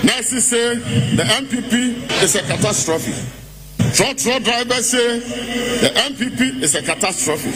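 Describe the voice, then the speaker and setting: A man with a Ghanaian accent delivering a rousing, mocking rally speech at a political congress, often shouting his lines. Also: extremely high pitch, animated, a little slow. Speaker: party speaker at a political congress. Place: large political congress venue. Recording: noisy live event audio.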